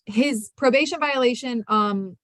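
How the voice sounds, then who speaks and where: A woman's voice: fairly high pitch, a little slow, a bit bright, dry recording, clean studio sound. A woman from the northern US explaining a confusing case to a judge, hesitant and careful, with many fillers.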